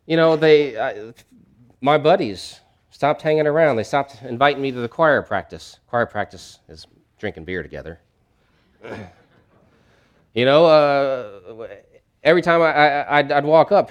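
Preaching a sermon conversationally, this middle-aged pastor has a fairly high-pitched voice within an ordinary male range. He swings widely between loud, emphatic key lines and asides that drop almost to a whisper.

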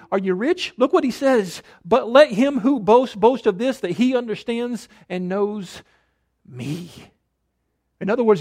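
A male pastor preaching a sermon with rhetorical questions, rising to emphatic lines and dropping to a hush. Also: high voice. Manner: dynamic preaching, rhetorical questions, drops to near-whisper for emphasis.

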